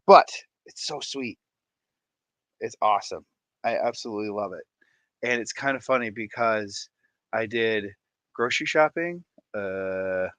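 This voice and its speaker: Man, fish-keeping host, playful showman, unhurried delivery, dry lo-fi recording. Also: mid-range voice, fairly bright tone, no room sound. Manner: showman hype, playful and jokey, laughs often. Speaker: aquarium channel host. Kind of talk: casual chat to camera.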